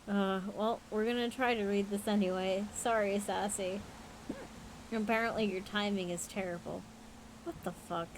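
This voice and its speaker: A woman with a middle-pitched voice reads spooky stories aloud on a livestream. She keeps breaking off for frank, profane, laughing asides while she fights the hiccups. A faint hum of room sound sits underneath. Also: fairly even intonation, moderate pace, low-quality recording. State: has the hiccups; tired. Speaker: livestream host. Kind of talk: reading spooky stories aloud, with casual chat.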